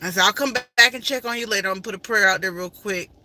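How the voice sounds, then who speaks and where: A middle-aged woman recounts her story in an emotional, faith-filled way, circling back and repeating lines for emphasis. Her voice is strikingly bright and cutting. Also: mid-range voice, quick pace, slight background noise. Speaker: vlogger. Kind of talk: personal storytelling.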